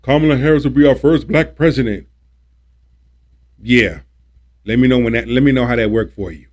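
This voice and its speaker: A man running a livestream rants emphatically and repetitively about politics in a sermonizing tone, swearing as he gets heated. His voice sits at medium pitch and moves at a moderate pace.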